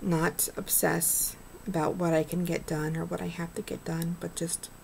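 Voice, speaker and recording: With a level tone and vocal fry, a middle-aged woman speaks at a moderate pace in a fairly low, slightly mellow voice over slight background noise. Her vlog is a casual, heartfelt rant, earnest, rambling and preachy.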